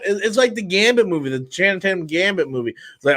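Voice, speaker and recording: A tired man with a fairly high voice rants on his live stream in a blunt, profane way. He talks loosely and rambles, dropping casual swears as he goes. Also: animated, fast, few pauses, sharp tone, no room sound.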